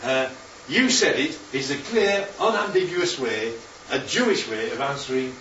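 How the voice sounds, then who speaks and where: A man's voice: medium pitch, animated, moderate pace, hardly any pauses, sharp tone, slight background noise. A man leading an informal Bible class with slides, who keeps checking in with his listeners. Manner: chatty, checks in with listeners often. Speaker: Bible study teacher. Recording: roomy, distant, muffled hall recording.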